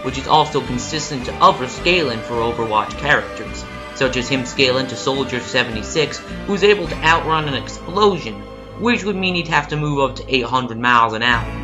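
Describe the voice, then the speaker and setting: A man's voice: mid-range voice, expressive, brisk, few pauses, over music, poor audio. A man with a put-on American cowboy drawl, giving a jokey, mock-serious comedic prediction. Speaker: video commentator.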